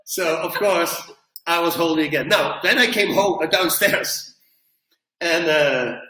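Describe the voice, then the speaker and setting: Bright-voiced man telling a wild story. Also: on the high side, measured pace. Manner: lively, laughs at his own story, acts out quotes. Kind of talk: animated storytelling. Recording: roomy, from a distance.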